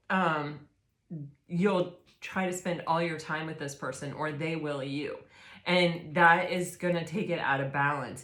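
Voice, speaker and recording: Excitable woman reading tarot, echoey room. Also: deep voice. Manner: gushing, excitable, lots of fillers and "oh my gosh". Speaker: tarot reader. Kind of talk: casual tarot reading to camera.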